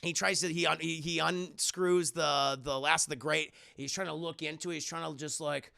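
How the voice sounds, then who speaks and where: A man streaming a profane, excitable scene-by-scene film recap, constantly calling out to his chat. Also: on the high side, normal speed, vocal fry, clear, resonant tone, no room sound, studio quality. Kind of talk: animated spoiler recap to a live chat.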